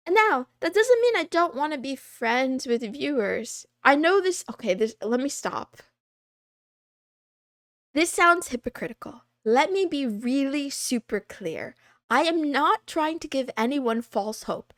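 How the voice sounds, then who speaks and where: A woman streams casually in a high, bright voice that swings widely up and down as she rambles and laughs. She sounds a little hoarse, and the recording is dry and close. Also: unhurried, dry recording. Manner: animated, rambling, laughs often. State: losing her voice. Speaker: VTuber streamer. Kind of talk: casual livestream chat.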